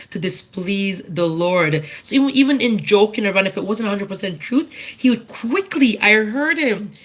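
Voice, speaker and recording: A woman giving an informal personal testimony at church, earnest and candid, often restarting and repeating herself as she searches for words. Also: mid-range voice. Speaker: church speaker giving a tribute.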